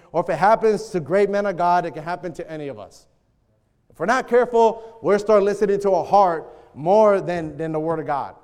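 Guy preaching, really high voice, lots of reverb from the hall, gets animated. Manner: animated preaching, acting out quoted prayers. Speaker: pastor. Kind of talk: sermon.

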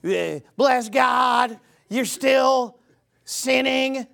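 A man voicing a loud preacher with a Southern accent who scolds the listeners. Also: very high-pitched, very slow, gravelly, full character voice. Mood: scolding. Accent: American Southern. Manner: shouting, scolding.

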